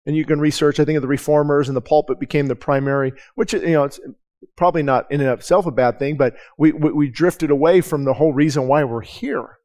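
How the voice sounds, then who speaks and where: A man preaching a loose, conversational sermon in a somewhat high voice. He is candid and emphatic, doubles back on his words and throws direct questions at the congregation. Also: fast, a little mellow. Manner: candid, emphatic, repeats words and restarts often. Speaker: pastor. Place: church service.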